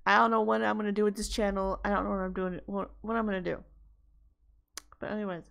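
A woman's voice: mid-range voice, little pitch movement, fast talker, gravelly, fairly bright tone. A woman vlogger in a heated, blunt rant, swearing freely as she talks to her viewers. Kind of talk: angry vlog rant.

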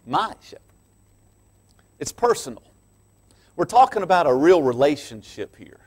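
A man preaching a sermon as pastor in a church, swinging from quiet asides to loud, emphatic passages and laughing between lines. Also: fairly high pitch, sing-song, moderate pace, long pauses.

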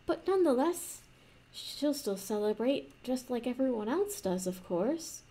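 A woman improvising a fantasy story in a rambling, soft manner, with restarts and playful asides. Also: high-pitched, sing-song, a little slow, slight background noise.

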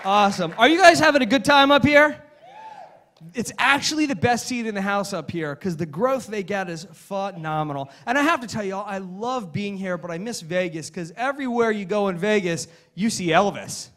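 A man's voice: high-pitched, expressive, moderate pace, fairly bright tone, a little hiss or hum. A man, performing as a stage hypnotist, giving repetitive, commanding suggestions and often laughing. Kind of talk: live hypnosis show patter. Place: conference stage before a live audience. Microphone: stage microphone, audience not mic'd.

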